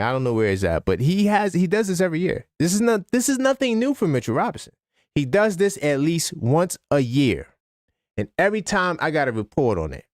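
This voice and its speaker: A man hosting a live sports talk stream, ranting casually with lots of fillers and sudden jumps in pitch. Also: no room sound, studio quality. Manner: animated, conversational, frequent fillers. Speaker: sports talk livestream host.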